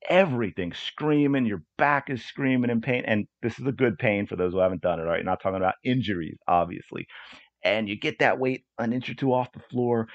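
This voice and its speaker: A man's voice: mid-range voice, fairly quick, no echo, dull audio. A man hosting a solo coaching podcast, talking in an earnest, repetitive way with frequent restarts. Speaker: podcast host and soccer coach.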